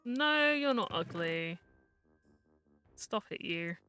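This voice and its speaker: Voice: medium pitch, expressive, slow pace, pushed and bright, soft background music. A VTuber streamer in casual live-stream chat while gaming, rambling, teasing friends and muttering to themself.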